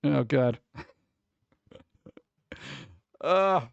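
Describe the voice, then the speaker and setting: A man's voice: on the high side, expressive, extremely slow, vocal fry, clear, resonant tone, no room sound, muffled recording. A male streamer in casual, rambling chat, reacting wryly to pictures and to his chat, with a slightly scratchy voice at times.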